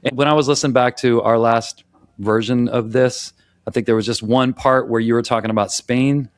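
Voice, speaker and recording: A man's voice: medium pitch, fairly even intonation, normal speed, no echo. American man talking rhythm, dry sound. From United States. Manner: demonstrative, counts beats and vocalizes rhythms aloud; conversational, with frequent restarts. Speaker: podcast co-host. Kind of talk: casual discussion.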